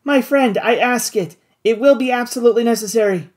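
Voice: mid-range voice, a little fast, pitched above the performer's own voice, close to an everyday voice. A reader voicing a commanding Victorian doctor. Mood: urgent. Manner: commanding, urgent. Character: resolute Victorian doctor leading a balloon voyage. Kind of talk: audiobook character voice.

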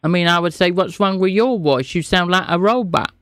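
A man's voice: high voice, brisk, a bit bright, no echo, studio quality. A man streaming a scam-bait phone call, feigning confusion and playing dumb with the caller. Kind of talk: prank call.

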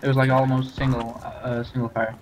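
A man's voice: medium pitch, little pitch movement, fairly quick, background noise. A man in a game squad reporting enemy positions over voice chat, a little hesitant.

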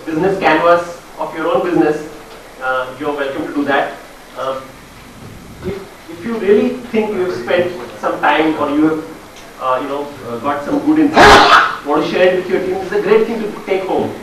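A man in his fifties wraps up a workshop, chatty and joking with many fillers. His slightly high voice comes from far off the mic, across a large, very echoey hall with clear background noise. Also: fairly bright tone. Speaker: workshop speaker. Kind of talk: workshop talk with anecdotes.

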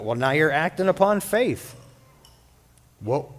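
A male pastor preaching a sermon in a church, animated and jokey with playful asides. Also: a little high, measured pace, long pauses, long reverb tail. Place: church sanctuary.

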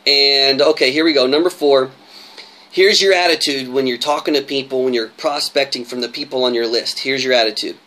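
An energetic man coaching newcomers with a motivational talk. His voice sits in the middle range, and his delivery is emphatic and repetitive, full of quick "right?" check-ins. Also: medium pitch. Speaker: network marketing coach.

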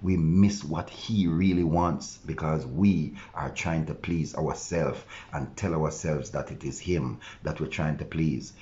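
A male pastor delivers an earnest devotional sermon in a very low, deep voice. He preaches with conviction and sometimes voices his listeners' objections to answer them. The recording sounds dull and lo-fi. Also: a little slow, few pauses, dark tone.

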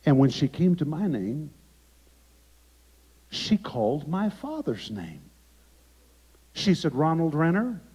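A man preaching as a guest by video and telling a story dramatically, swinging from emphatic lines down to hushed ones. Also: a little high, sing-song, slow pace, pauses often, husky. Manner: dramatic, emphatic, with sharp drops to quiet. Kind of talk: sermon storytelling. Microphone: remote video recording. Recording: echoey, dull lo-fi sound.

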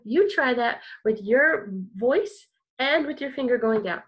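A woman's voice: high voice, unhurried, muffled recording. A woman teaching a kindergarten music lesson online, talking to small children in a cheerful, encouraging way and keeping her words simple.

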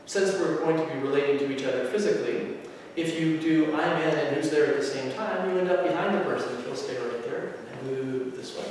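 A man teaching aikido who explains movements calmly and methodically and chants short phrases with each step. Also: fairly high pitch, fairly quick, slight background noise. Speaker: aikido instructor. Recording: echoey hall, mic far off.

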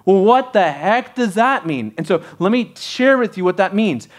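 A man's voice: high voice, big pitch swings, normal speed. A man preaching a sermon as pastor, talking conversationally and asking the congregation rhetorical questions. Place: church sanctuary.

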